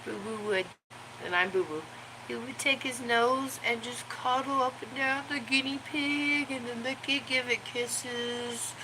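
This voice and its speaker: A woman hosting a casual live chat from home, rambling to viewers and cooing baby talk to her dog. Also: fairly high pitch. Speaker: livestream host chatting with viewers. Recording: loud background noise with dog sounds. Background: dog barking.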